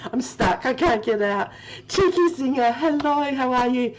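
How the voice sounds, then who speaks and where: A woman streams a game and talks to her chat in a fairly high, bubbly voice that keeps breaking into laughter. She takes her time with her words. Faint keyboard typing clicks sit under her voice. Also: expressive, unhurried, slight background noise, low-quality recording. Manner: giggly, laughing often and talking to chat by name. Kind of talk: live stream chat with viewers.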